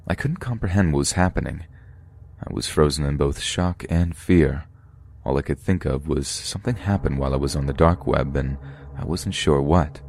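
A man narrating true scary stories for a podcast in a steady, measured way. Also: rumbling low, a little hiss or hum.

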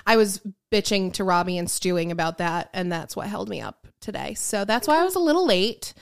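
A woman's voice: mid-range voice, lively intonation, fairly quick, gravelly, smooth. A woman in her mid-thirties co-hosting a podcast, talking casually in a wry, self-deprecating way. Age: 30s. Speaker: podcast co-host. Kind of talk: casual chat.

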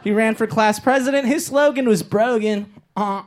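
A man from Los Angeles doing a stand-up comedy set on a stage mic, with a punchy delivery that swings into loud shouted bits. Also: high-pitched, moderate pace. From Los Angeles, Inglewood. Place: comedy stage before a live audience. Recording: live stage mic, crowd laughter.

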